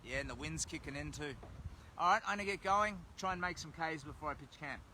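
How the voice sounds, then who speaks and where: A man's voice: fairly high pitch, a little fast, slight background noise. Chatty Australian man streaming outdoors. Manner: chatty, relaxed, reads out viewer comments. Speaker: livestreamer on a long charity walk. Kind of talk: casual livestream chat. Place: outdoors by a road, windy. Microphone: phone held while walking.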